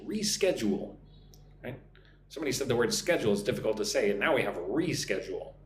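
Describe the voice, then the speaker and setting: Lively-voiced male English teacher, roomy. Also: medium pitch. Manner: slow, deliberate pronunciation drilling; encouraging, thanks viewers by name. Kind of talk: live-streamed English lesson. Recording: roomy echo with faint hum.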